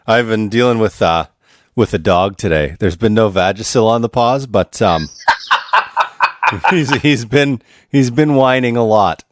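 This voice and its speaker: A man's voice: lowish voice, takes it slowly, pauses often. A man co-hosting a podcast, telling stories in casual banter, swearing often and laughing. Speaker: podcast co-host.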